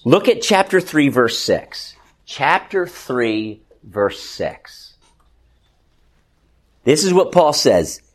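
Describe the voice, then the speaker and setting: A man leads a small Bible study group, his voice rising and falling in lively swings. He speaks in a loose, conversational way, breaking off and restarting phrases. He often turns to the class with questions. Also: fairly high pitch, extremely slow, long pauses. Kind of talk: interactive Bible class teaching.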